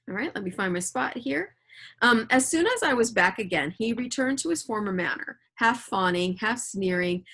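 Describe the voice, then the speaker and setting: A woman's voice: medium pitch, a bit bright. A woman teacher reading a novel aloud at home and explaining it to her students in a casual, chatty way with frequent check-ins. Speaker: middle school teacher.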